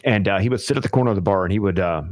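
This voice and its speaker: Chatty talk radio host, low voice, dry studio sound. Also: male voice, rapid-fire, no echo. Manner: chatty, animated, many fillers. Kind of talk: casual storytelling on talk radio. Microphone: studio microphone.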